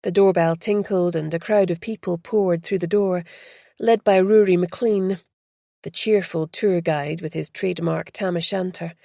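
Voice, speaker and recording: A woman narrating an audiobook in a steady, measured way. Her voice sits low and has a gravelly fry. The recording is close and completely dry. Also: no echo. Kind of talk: scripted narration.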